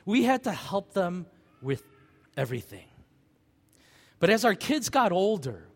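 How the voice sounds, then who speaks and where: A man's voice: high-pitched, sing-song, unhurried, husky. A middle-aged man preaching a sermon as pastor, telling a personal story and asking the congregation rhetorical questions. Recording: long church hall reverb.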